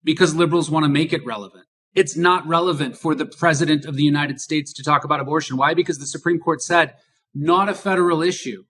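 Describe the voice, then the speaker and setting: A man's voice: a little high, steady tone, fast talker, a bit bright, husky. A male podcast host speaks in a slightly raised register. He drives home political commentary with emphatic rhetorical questions.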